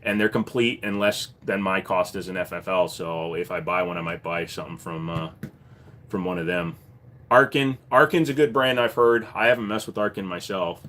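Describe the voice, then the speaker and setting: A man's voice: low voice, normal speed, a bit bright. A man hosting a casual livestream, a firearms dealer who reads viewer questions aloud and answers them in a laid-back way, with many ums.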